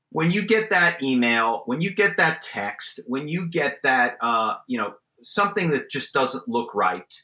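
A middle-aged man, a former corporate spy, telling lively anecdotes as an interview guest, with frequent restarts. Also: medium pitch, echoey room, rough recording. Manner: animated anecdotes with frequent restarts and imitated voices. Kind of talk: conversational storytelling interview.

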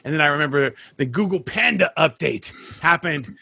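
A man's voice: fairly high pitch, lively intonation, moderate pace, gravelly, pushed and bright, husky. A man hosting a podcast interview over a video call, hyped and talking straight to his listeners. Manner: hyped, talks up the audience as folks. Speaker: podcast host.

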